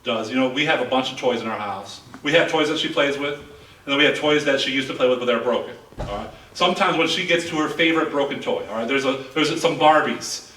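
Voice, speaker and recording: Recorded from a distance in an echoey church sanctuary, a man in his thirties preaches earnestly, repeating words as he builds his points. His mid-range voice is fairly bright and his pace is brisk.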